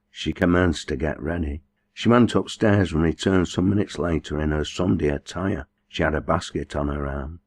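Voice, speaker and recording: A man reading a novel aloud as an audiobook narrator, in measured, even storytelling. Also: a bass voice, no echo. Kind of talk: scripted narration.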